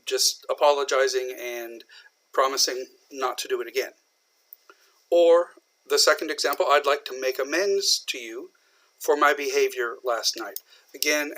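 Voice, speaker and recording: Guy teaching english, slow and patient, lots of ums and pauses. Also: mid-range voice, fairly bright tone. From southern Indiana, USA. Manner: slow, patient explaining with many pauses and fillers. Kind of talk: recorded online lecture.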